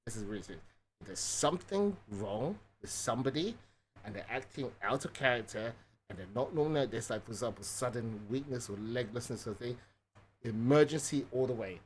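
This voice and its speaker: A man's voice: medium pitch, lively intonation, fairly quick, a little hiss or hum. Rambling man chatting to his stream. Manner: rambling, frequent fillers and "right?", swears. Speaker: live streamer. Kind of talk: casual chat with stream viewers.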